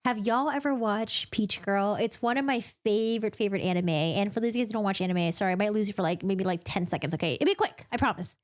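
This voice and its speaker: A young woman hosting her channel, giving a chatty, giggly book recap and acting out the characters in quick put-on voices. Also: medium pitch.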